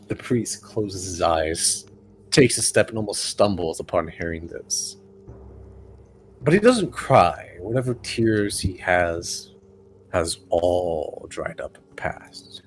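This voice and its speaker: A man narrating as game master in a tabletop game, describing scenes slowly with fillers. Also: low voice, very animated, a little hiss or hum.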